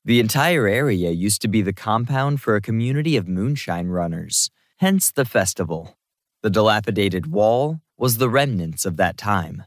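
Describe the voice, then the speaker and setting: Lively low-voiced male audiobook narrator. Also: normal speed, no room sound, clean studio sound. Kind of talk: scripted first-person narration.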